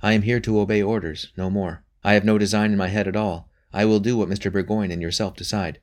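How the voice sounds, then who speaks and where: A composed young priest, voiced by a male narrator speaks in a steady, even way. His voice is deep, as in a spoken storybook. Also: fast, close to an everyday voice. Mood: calm. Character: young English priest in disguise, calm.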